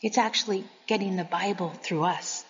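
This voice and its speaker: A woman's voice: mid-range voice, moderate pace, in a large hall, lo-fi sound. A woman giving an earnest, sermon-style Bible teaching, telling personal stories.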